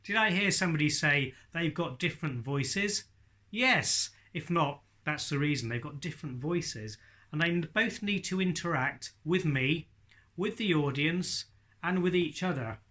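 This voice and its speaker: A man's voice: a little high, lively intonation, measured pace, pushed and bright. A man teaching ventriloquism in a chatty tutorial, speaking directly to his viewers. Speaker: ventriloquism instructor. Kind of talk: friendly tutorial talk.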